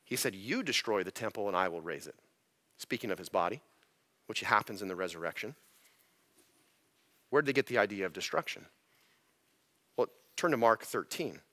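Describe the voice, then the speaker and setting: A man's voice: on the low side, lively intonation, normal speed, pauses often, bright, forceful tone, dry recording. A male pastor teaching through scripture in a conversational sermon, often repeating words as he restarts his thoughts. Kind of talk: expository sermon. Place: church sanctuary.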